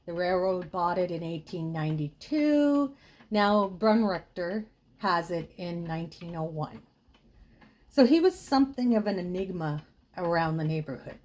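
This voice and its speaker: A woman casually telling a gruesome true ghost story, dropping to a hush for the grisly details. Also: fairly low pitch, animated, measured pace. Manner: chatty with dramatic hushed dips.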